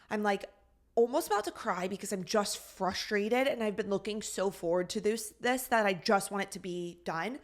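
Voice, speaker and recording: A woman co-hosting a podcast, telling a long, frustrating story in a lively, exasperated way. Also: mid-range voice, normal speed. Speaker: podcast co-host. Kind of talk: casual storytelling chat.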